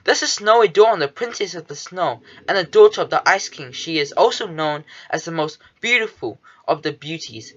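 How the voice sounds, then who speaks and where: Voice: mid-range voice, expressive, moderate pace, hardly any pauses, a bit bright, highs cut off. A reader voicing a commanding fairy queen who gives orders. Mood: regal.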